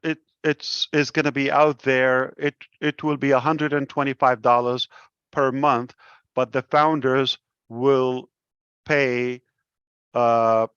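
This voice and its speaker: A man with a delivery speaks slowly and earnestly on a live stream. His words come measured and deliberate, like a founder addressing his members. The audio is dry and dull, as from a close but muffled mic. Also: medium pitch, fairly even intonation, a bit bright, clear, resonant tone, dry recording. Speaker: company founder presenting to members.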